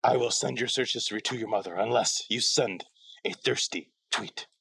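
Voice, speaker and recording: A man putting on a menacing male puppet-master villain voice, slow and deliberate, in a comic podcast bit. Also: a bit bright, no room sound. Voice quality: low gravelly rasp.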